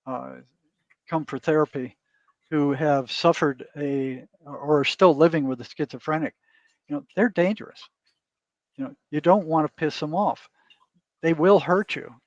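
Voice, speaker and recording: Male therapist guest, rambling storyteller, slightly high voice; dry, dull lo-fi recording. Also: moderate pace, long pauses, dry recording. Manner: rambling, peppers talk with "you know" and "right?". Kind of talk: casual storytelling in an interview.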